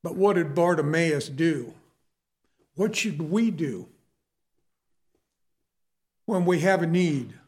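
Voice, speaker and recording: A preacher man with a fairly high voice delivers his sermon slowly and deliberately. He is earnest and emphatic, and he keeps turning to his listeners as "folks.". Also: expressive, darkish tone.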